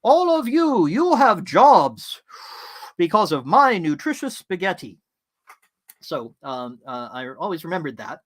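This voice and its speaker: A man's voice: medium pitch, fairly bright tone. A man presenting an online talk in a casual, anecdotal way, stopping to answer comments from the chat.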